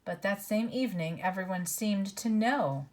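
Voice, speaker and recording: Lady doing a earnest loyal badger, stern and steady, storybook reading. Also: medium pitch, normal speed, lightly acted.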